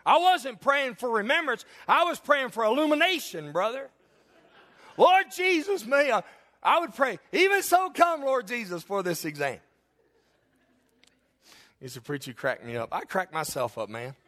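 A man's voice: extremely high pitch, unhurried, pauses often. A man preaching, telling funny stories from the pulpit and laughing often at himself. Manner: laughs often at his own stories, animated. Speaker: pastor. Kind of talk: humorous sermon storytelling.

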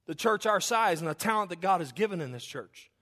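A male pastor delivering a sermon with a high, bright-sounding voice. He preaches emphatically, repeating phrases as he builds intensity, then drops low and quiet. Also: animated, a little fast. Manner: emphatic, repetitive preaching with rising and falling intensity.

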